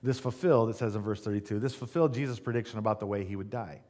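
A man's voice: on the low side, racing, darkish tone. A man preaching a sermon, reading scripture aloud and breaking off for casual asides and rhetorical questions. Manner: conversational asides with rhetorical "right?". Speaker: pastor.

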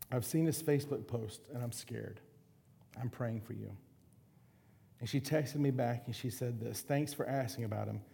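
Delivering his sermon with earnest conviction, this middle-aged male pastor has a dark, mellow, slightly gravelly voice at medium pitch. He frequently slows down and softens to a quiet tone so his points can land.

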